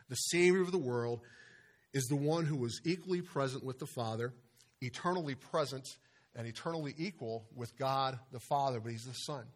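A man's voice: medium pitch, fairly bright tone. Man preaching a sermon with heavy emphasis. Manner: preaching with emphatic stresses and pauses, many restarts. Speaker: pastor. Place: church sanctuary. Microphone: microphone over a speaker system.

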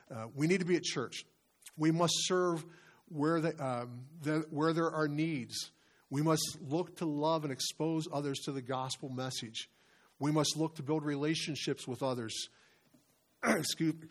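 A man's voice: a little high, steady tone, normal speed. A male pastor preaching a conversational sermon, full of asides and restarts as he reads from scripture and his notes.

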